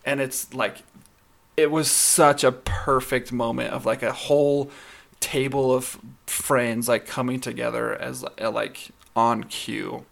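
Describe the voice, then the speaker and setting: Man, podcast co-host, gravelly fry, mid pitch, casual excited chat. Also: takes it slowly. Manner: enthusiastic, laughs while retelling scenes.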